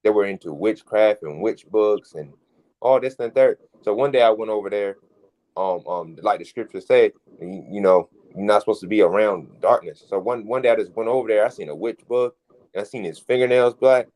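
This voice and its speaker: A man's voice: lowish voice, fairly quick, darkish tone, rough recording. A man telling a personal story in a casual, rambling way, restarting his phrases as he goes. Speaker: street preacher in group discussion.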